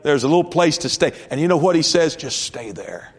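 A male pastor preaching a sermon, swinging from raised emphasis to hushed, slow storytelling. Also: fairly high pitch, steady tone.

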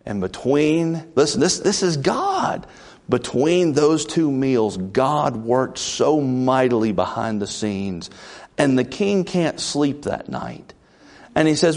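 A man preaching a folksy, conversational sermon as pastor, with sudden leaps in pitch. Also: very animated, a little slow, darkish tone.

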